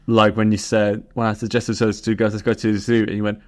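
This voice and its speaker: A man with a lowish voice co-hosting a casual podcast. He giggles often and acts out snatches of dialogue in quick put-on voices as he retells scenes. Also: level tone. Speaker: podcast co-host. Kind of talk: casual chat recapping a sitcom.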